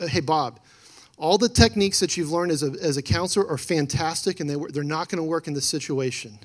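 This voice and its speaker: Man preaching a conversational sermon. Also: fairly high pitch. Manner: conversational preaching with a testimony, rising to emphatic peaks; frequent restarts and quoted dialogue. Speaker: pastor.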